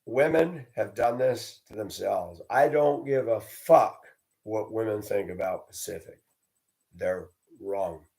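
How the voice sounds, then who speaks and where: A man's voice: lowish voice, takes it slowly, darkish tone. Blunt, profane man ranting. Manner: mocks others in a raised voice. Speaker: video host. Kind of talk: ranting monologue.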